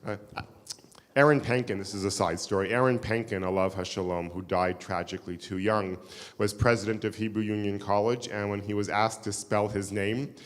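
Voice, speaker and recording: A man's voice: lowish voice, steady tone, normal speed. Man lecturing in a reverberant hall. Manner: engaging, quizzes the audience, wry asides. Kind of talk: live keynote lecture. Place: synagogue hall with live audience.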